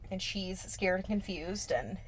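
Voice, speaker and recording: A woman's voice: medium pitch, expressive, measured pace, a little hiss or hum. Sassy young woman recapping a movie. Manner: sassy, swears, acts out characters in slangy voices. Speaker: podcast co-host. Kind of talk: casual horror movie recap.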